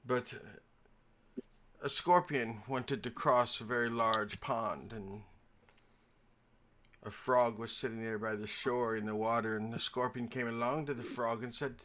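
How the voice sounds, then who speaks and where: A man's voice: steady tone, measured pace, a bit bright. Man, game master, theatrical storyteller, mid-range voice. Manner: theatrical, storytelling with shifting pitch. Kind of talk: narrating and voicing characters in a tabletop game.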